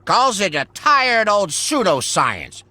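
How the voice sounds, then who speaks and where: Snooty alchemist shopkeeper, bright sharp voice, swings way up and down. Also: male voice, high-pitched, sing-song, takes it slowly, full character voice. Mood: indignant. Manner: haughty, snippy, theatrical. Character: pompous busy male alchemist shopkeeper. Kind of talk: video game voice acting.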